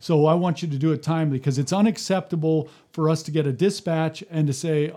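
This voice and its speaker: A man's voice: a little high, fast, mellow. A man, a former fire service leader, talking casually and telling stories from the job, often restarting his sentences and acting out the people he quotes. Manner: storytelling, acts out quotes, frequent restarts. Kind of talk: casual podcast conversation.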